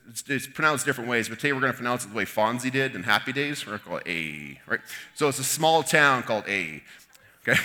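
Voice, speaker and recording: A man preaching a sermon, retelling a Bible story in an animated way with asides to his listeners. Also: mid-range voice.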